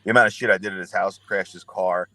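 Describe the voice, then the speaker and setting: A man's voice: deep voice, fairly even intonation, fast talker, pushed and bright, slight background noise. A young man telling rambling, profane stories and acting out what people said. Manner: profane, rambling anecdotes with acted-out quotes. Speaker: podcast guest. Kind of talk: casual storytelling.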